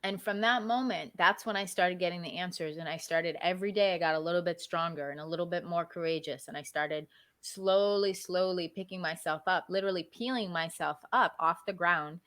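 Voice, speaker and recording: A woman guest speaker and coach, talking casually in an interview, animated and often asking "right?". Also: lowish voice.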